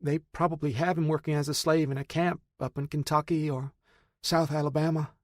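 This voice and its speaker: Casting: man reading earnest consoling woman, pitched up, dry audiobook. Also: flat delivery, brisk, no room sound, close to an everyday voice. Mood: urgent. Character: middle-aged woman, urgent and consoling. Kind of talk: audiobook narration.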